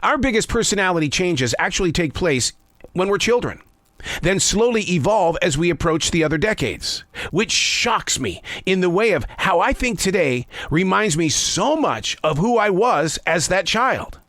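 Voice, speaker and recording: A man's voice: sits high, sing-song, moderate pace, fairly bright tone, no room sound. A man in his sixties hosting a scripted spoken essay, folksy and conversational with playful asides. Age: 60s. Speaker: host. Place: living in the American South.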